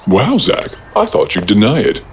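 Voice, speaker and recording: A man's voice: fairly low pitch, wildly swooping pitch, moderate pace, a little hiss or hum. A man voicing a wisecracking male computer sidekick in an audiobook, with dry, precise, teasing delivery. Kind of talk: audiobook character voice.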